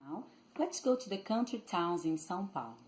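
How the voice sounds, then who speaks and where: Here the Rio de Janeiro teacher's Brazilian Portuguese accent comes through a mid-range, somewhat mellow voice with a sing-song lilt and a brisk pace. She carefully demonstrates pronunciations during a Portuguese language lesson, though the audio quality is poor.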